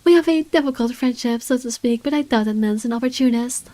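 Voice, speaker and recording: A woman's voice: fairly high pitch, brisk, mellow, no echo, close to an everyday voice. A woman reading a visual novel aloud as an irritable wealthy man with guards, in dry, sardonic first-person narration. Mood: wary.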